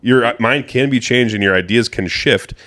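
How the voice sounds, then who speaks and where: A man's voice: mid-range voice, moderate pace, fairly bright tone. A man co-hosting a podcast in casual political chat, talking emphatically and swearing freely. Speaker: podcast co-host.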